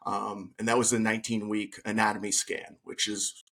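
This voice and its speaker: A man's voice: fairly low pitch, level tone, moderate pace, gravelly, a bit bright, a little hiss or hum. A man who is a podcast guest, telling his own story earnestly in a conversation and acting out the things people said. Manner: earnest, retells scenes by acting out quoted speech.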